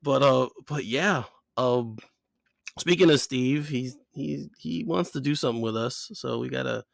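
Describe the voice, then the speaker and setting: A man's voice: mid-range voice, measured pace, gravelly, no room sound, clean studio sound. A man co-hosting a casual podcast, laid-back and rambling, laughing often. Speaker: podcast co-host.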